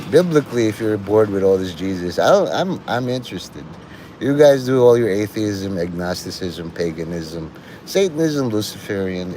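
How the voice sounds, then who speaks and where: A man's voice: on the low side, darkish tone, a little hiss or hum. A man hosting a livestream, rambling and profane, often laughing at his own jokes. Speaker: livestream host.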